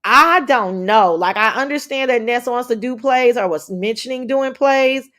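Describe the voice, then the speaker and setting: Woman livestream host, higher-pitched, animated, swears casually, reads out chat. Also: moderate pace. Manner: animated, blunt, swears freely, drawls "child" and "y'all". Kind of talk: casual live commentary, reading chat.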